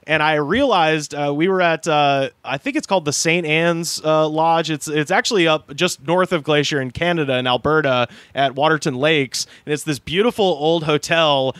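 A man's voice: on the high side, moderate pace, few pauses, a bit bright, clear, resonant tone, dry recording. Chatty male podcast host, dry studio sound. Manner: chatty, storytelling, laughs often. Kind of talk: casual chat. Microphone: studio microphone.

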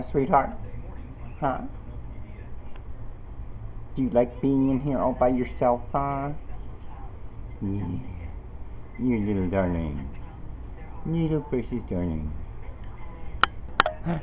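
A woman's voice: a bass voice, animated, slow, long pauses, mellow, slight background noise. A woman caretaker at an animal rescue, talking to the animals in coaxing, sing-song baby talk and repeating her questions. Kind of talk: cooing baby talk to pets. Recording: muffled lo-fi camera audio.

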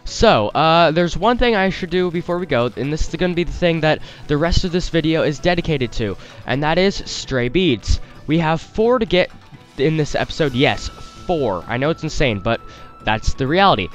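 Male gaming host, rambling and apologetic, voice on the high side. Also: animated, moderate pace, few pauses, soft background music. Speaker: let's play host. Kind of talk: gameplay commentary. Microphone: desktop headset mic.

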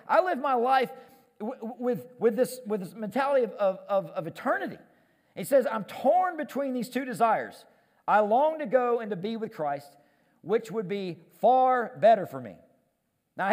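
A man preaching a sermon on stage as pastor, animated and self-deprecating, often repeating words as he gets going. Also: high-pitched, big-room sound. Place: church stage.

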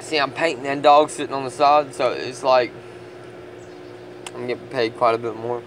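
A man's voice: mid-range voice, flat delivery, moderate pace, fairly bright tone, a little hiss or hum. A man vlogging casually on his lunch break, talking in laid-back slang and fondly to his dog. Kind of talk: casual vlog chat. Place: work site on a lunch break.

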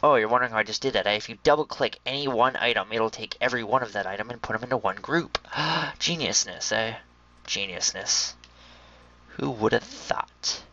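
An excitable young man talks through his game, chatting straight to his viewers. His voice sits at an ordinary pitch and comes through a slightly dull, lo-fi mic. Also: quick pace, few pauses, a little hiss or hum. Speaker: gameplay commentator. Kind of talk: casual gaming commentary.

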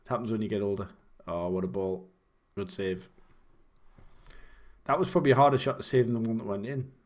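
A man's voice: on the low side, brisk. A young man, casually chatting and rambling while commentating on his own game. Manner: rambling, chatty, self-deprecating. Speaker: streamer.

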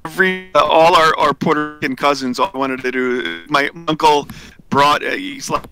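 A man's voice: a little high, normal speed, pushed and bright, faint music behind. A man in casual chat before a tabletop game, telling stories and laughing between bits. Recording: noisy video call line.

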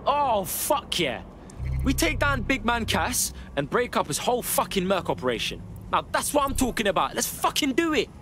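A cursing, gung-ho resistance fighter in a video game, with a swinging, lively delivery. Background noise runs under the game audio. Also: female voice, fairly high pitch, normal speed. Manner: profane and gung-ho. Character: foul-mouthed eager resistance fighter.

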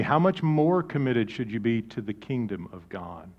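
A man preaching a sermon, swinging from loud, animated storytelling to quiet, low emphasis. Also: normal speed, hardly any pauses, lo-fi sound. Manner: lively preaching with big swings in volume. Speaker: pastor.

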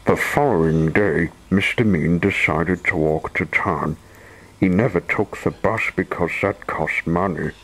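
Brief: husky male storyteller, unhurried, animated read-aloud. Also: low voice, rough recording. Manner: expressive, animated narration. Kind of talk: storybook reading.

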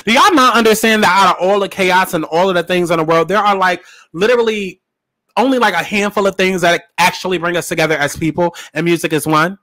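A man's voice: high voice, quick pace, pushed and bright. A man giving casual pop culture commentary in a sassy, profane, emphatic way, repeating lines for punch. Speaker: commentary vlogger.

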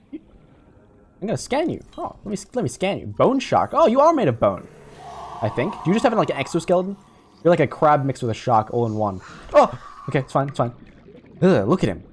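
A man's voice: a little high, a little hiss or hum. A young man giving casual, jokey gameplay commentary, rambling and swearing as he plays. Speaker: gaming YouTuber.

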